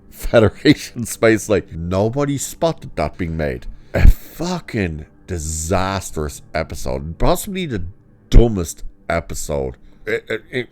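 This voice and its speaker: A deep-voiced man tears into a TV episode in an exasperated rant. He sounds sarcastic and swears freely, and his voice leaps up high whenever he mocks what he saw. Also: a little mellow. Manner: wide swings in pitch when mocking. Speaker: show reviewer. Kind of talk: ranting episode review.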